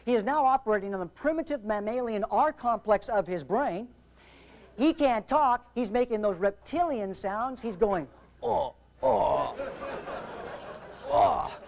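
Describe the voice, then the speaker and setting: Animated joking man telling flying stories. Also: sits high, moderate pace. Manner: animated, jokey, theatrical anecdotes. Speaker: aviation safety speaker. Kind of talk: humorous storytelling seminar talk.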